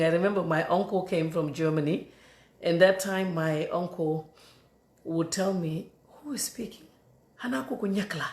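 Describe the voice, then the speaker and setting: A middle-aged Gambian woman talks in an animated, emphatic monologue, her fairly high voice roughened by a gravelly edge. She sounds like she is in an echoey room, and the sound bounces around her. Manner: animated and emphatic, laughs between points. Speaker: commentator. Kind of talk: casual monologue.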